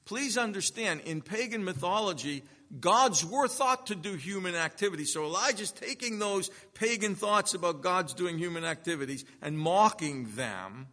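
Bright-voiced preacher in a reverberant hall. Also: male voice, high voice, expressive, normal speed, few pauses. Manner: dramatic swings from loud to hushed. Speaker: pastor. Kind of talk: sermon.

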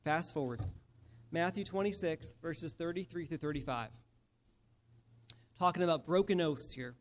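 A male preacher giving a sermon and reading scripture aloud, emphatic and slowing down to stress key phrases. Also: a little high, a little hiss or hum.

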